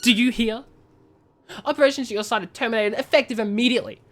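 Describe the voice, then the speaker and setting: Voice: medium pitch, fast talker, a bit bright, faint music behind, voice pushed up, natural voice. A streamer reading out a game message as a stern corporate boss who scolds a worker, raising the voice above their usual talk. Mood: scolding.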